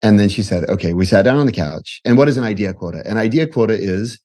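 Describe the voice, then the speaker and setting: A man in his forties, a podcast guest, telling casual stories in an animated way, often breaking off and laughing. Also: lowish voice, fast. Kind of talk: casual storytelling.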